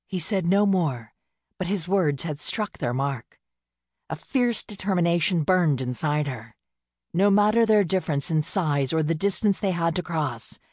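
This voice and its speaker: A woman narrating a novel in a measured, expressive reading voice, close to the mic. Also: lowish voice, dry recording. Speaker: audiobook narrator. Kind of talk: scripted storybook narration.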